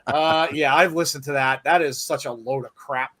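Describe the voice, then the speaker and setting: A man co-hosting a wrestling podcast in casual chat, reading out listener comments and exclaiming loudly at them. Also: fairly high pitch, steady tone, moderate pace, over a noisy crowd. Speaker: podcast co-host.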